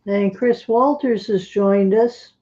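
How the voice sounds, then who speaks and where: A woman co-hosting a livestream, relaxed and friendly, reading out viewer comments. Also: mid-range voice, slow, crowd noise. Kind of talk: casual livestream chat. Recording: dull lo-fi remote audio.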